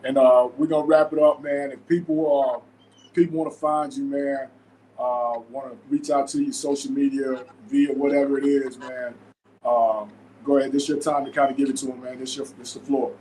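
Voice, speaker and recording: A man's voice: mid-range voice, level tone, moderate pace, warm tone, a little hiss or hum, poor audio. A man from Florida hosting a casual podcast interview, laid-back and full of fillers like "man" and "you know". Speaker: host.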